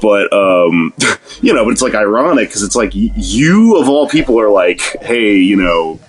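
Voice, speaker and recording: A man's voice: fairly low pitch, big pitch swings, moderate pace, husky. A man talking loosely on a podcast, rambling and swearing, with frequent laughter. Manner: rambling, profane, laughs often. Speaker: podcast guest. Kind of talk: casual podcast conversation.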